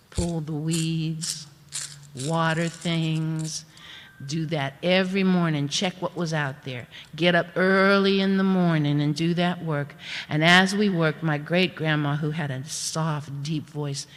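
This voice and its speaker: A woman storyteller giving an unhurried storytelling performance, with asides to the audience. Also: sits low. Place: performance hall. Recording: reverberant hall.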